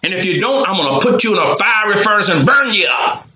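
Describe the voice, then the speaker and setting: A man voicing a proud, furious ancient king who shouts his orders. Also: sits high, expressive, quick pace, roomy sound, a little hiss or hum, exaggerated voice. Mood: threatening. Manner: loud, blustering, shouting orders.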